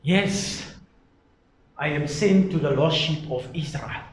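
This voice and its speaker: A man preaching a sermon emphatically, swinging from loud exclaiming to low, quiet delivery. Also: slow, echoey room, a little hiss or hum.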